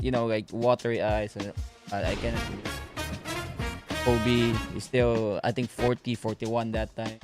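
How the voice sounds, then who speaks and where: A man, co-hosting sports chat in a relaxed way, switching between English and Tagalog. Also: mid-range voice. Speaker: podcast co-host.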